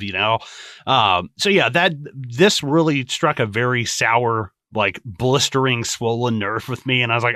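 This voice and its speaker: A man's voice: medium pitch, normal speed, no echo, clean studio sound. Ranting, foul-mouthed podcast man. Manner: animated, profane ranting with frequent laughs. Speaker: podcast co-host. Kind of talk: casual film podcast chat.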